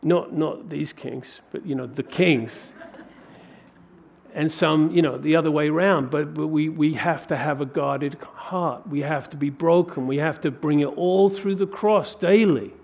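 Male pastor mid-sermon, slightly raised pitch, gravelly texture, animated and questioning. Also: unhurried. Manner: animated preaching with rhetorical questions.

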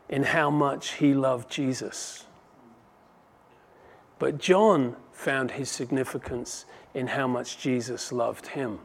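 A man preaching a sermon with passion, his delivery swelling and dropping for emphasis. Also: medium pitch. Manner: impassioned, rising and falling in volume for emphasis. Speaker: pastor.

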